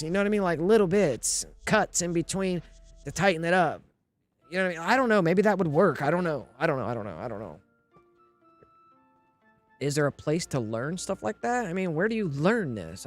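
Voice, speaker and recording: Man streamer, rambling, thinking out loud, slightly high voice, casual, faint music behind. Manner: rambling, thinking aloud, repeats "you know what I mean". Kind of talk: casual live-stream talk.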